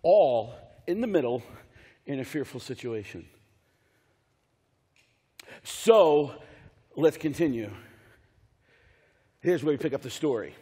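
A man preaching a sermon as pastor, animated and jokey, often repeating his words. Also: medium pitch, takes it slowly, long pauses, slightly rough, in a large hall. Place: church sanctuary.

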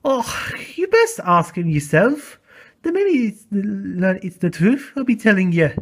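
A man voicing a gruff, easily offended tank engine from a storybook, with a husky, lively voice. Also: high-pitched, unhurried, exaggerated voice. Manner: dialect-heavy, indignant.

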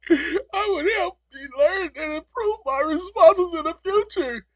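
A man's voice: extremely high pitch, a little slow, dry recording, pitched above the performer's own voice. A man mimicking a whiny defensive AI chatbot.

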